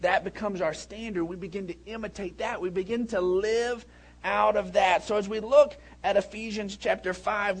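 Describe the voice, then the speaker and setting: A pastor in his thirties, whose voice sits high, preaches a sermon full of animated storytelling. When he acts out a scene, he breaks into shouts.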